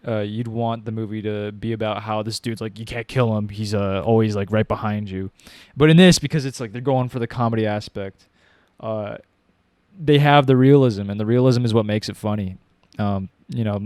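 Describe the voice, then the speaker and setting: A man's voice: mid-range voice, darkish tone, no room sound. A young man casually reviewing a movie, rambling with lots of fillers, slang and restarts.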